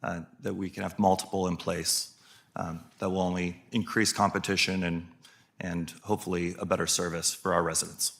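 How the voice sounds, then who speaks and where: Deep-voiced man explaining city business. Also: flat delivery, vocal fry, fairly bright tone. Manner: measured explanatory, with fillers. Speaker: city staff presenter. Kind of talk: explaining at a council meeting.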